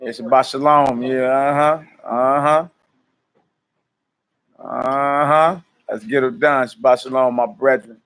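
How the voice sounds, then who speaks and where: A man's voice: medium pitch, steady tone, takes it slowly, a bit bright, clean tone. A man hosting a casual ministry livestream, greeting viewers by name, hyping them up and laughing often. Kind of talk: casual livestream chat before prayer.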